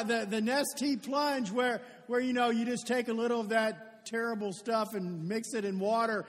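A man preaching a sermon as a pastor, conversational and rising to loud emphatic calls. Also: very high voice. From Louisville, Kentucky. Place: church sanctuary. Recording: long hall reverb.

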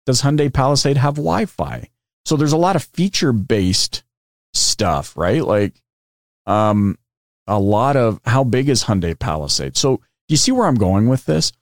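A man's voice: mid-range voice, sing-song, a little slow, dry recording, studio quality. A man hosting a podcast, talking through a screen demo in a loose, chatty way with lots of fillers and asides. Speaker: podcast host. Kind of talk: casual explainer with screen demo.

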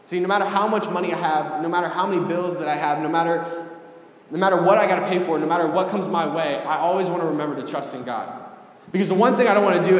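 A young man giving a casual, storytelling sermon as a preacher, often repeating his phrases. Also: a little high. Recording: echoey hall with long reverb.

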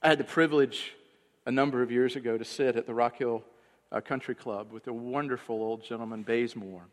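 A male pastor preaching with a storyteller's pull, pressing some lines out loud and letting others drop almost to a murmur. His voice sits at an ordinary middle pitch. It rings through a space with a long, lingering reverb. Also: steady tone, fairly quick. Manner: storytelling, swinging between loud emphasis and hushed low passages. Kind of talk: sermon.

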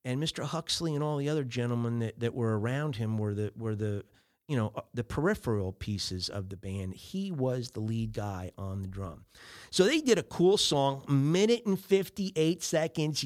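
Man, podcast host, casual business advice, lively delivery, quick voices for quoted emails. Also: medium pitch.

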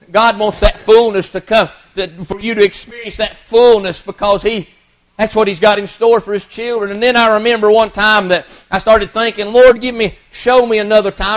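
High-voiced preacher telling a story. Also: male voice, fairly bright tone, low-quality recording. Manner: folksy, earnest, many restarts and repeated words. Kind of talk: storytelling sermon.

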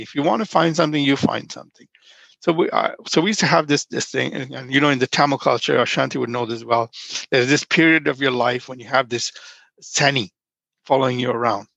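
A man's voice: mid-range voice, fairly quick, gravelly, fairly bright tone, no room sound, dull audio. A man in his fifties from Nigeria, a podcast guest telling rambling stories in casual conversation. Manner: rambling storyteller, frequent restarts.

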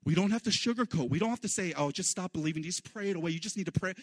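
A man preaching a sermon in an animated way, his voice leaping up high for the lines he quotes. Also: very fast, few pauses, breathy edge, no echo. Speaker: pastor.

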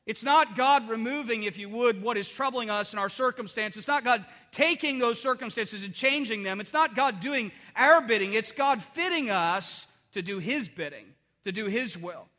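A man's voice: extremely high pitch, moderate pace, few pauses, pushed and bright. A middle-aged man preaching a sermon as pastor, earnest and conversational, often restarting his phrases. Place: church sanctuary. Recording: long hall reverb.

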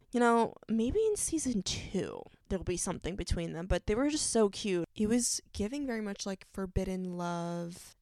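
A young woman hosting a podcast and gushing as she chats casually, her pitch swinging widely and her tone smooth and clear. She talks close to the mic in a dry space with no room echo. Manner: gushing, animated, full of fillers like "oh my gosh". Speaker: podcast host. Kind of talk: casual chat recapping a TV show.

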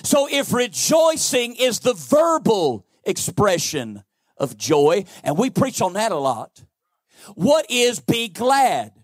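A man preaching a sermon, with a sing-song cadence, folksy storytelling and bursts of shouting. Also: high voice, very animated, slow, dry recording. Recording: dry close sound with faint music behind.

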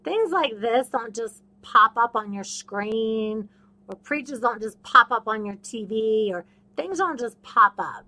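A woman hosts a faith podcast, talking straight to her listeners. Her voice sits a little high and sounds bright and forceful. She stresses her points by repeating them and often slips into the voices of the people she describes. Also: animated, measured pace. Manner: emphatic and repetitive, acts out other people's voices. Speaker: podcast host. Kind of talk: casual faith talk, preaching to listeners.

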